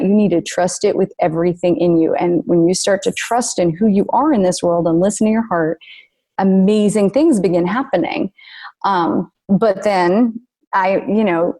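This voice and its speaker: A woman author speaking earnestly as a podcast guest, animated when retelling stories. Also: mid-range voice. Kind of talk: podcast interview.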